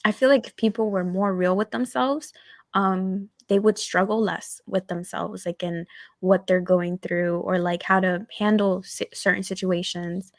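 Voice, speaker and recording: A woman talks through a casual podcast conversation in a middle-pitched voice, circling her point with plenty of fillers and emphatic turns. The sound is dry and close, with no room around it. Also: fairly even intonation, measured pace, dry recording. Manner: rambling, filler-heavy, emphatic. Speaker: podcast co-host. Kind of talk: casual chat.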